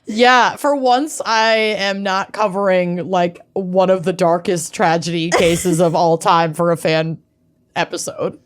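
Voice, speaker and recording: Unhurried woman co-host. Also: fairly low pitch. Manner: relaxed, agreeable, chiming in. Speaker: podcast co-host. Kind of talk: casual chat.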